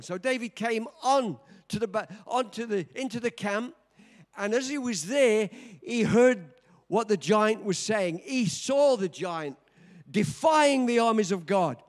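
An older man in his seventies preaching a sermon, telling a story with dramatic swings from quiet to shouting. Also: high voice, lively intonation, measured pace. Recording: long reverb of a large hall.

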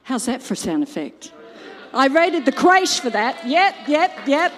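A woman's voice: high-pitched, very animated, measured pace, very noisy. An older woman preaching a sermon, telling a family story and acting out quotes and sound effects. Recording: long hall reverb.

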